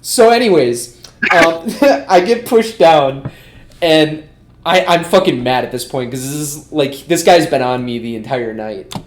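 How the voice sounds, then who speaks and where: A man's voice: on the high side, lively intonation, unhurried. Rambling, cussing podcast guy. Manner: rambling, lots of swearing and "like". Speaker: podcast co-host. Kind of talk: casual storytelling among friends.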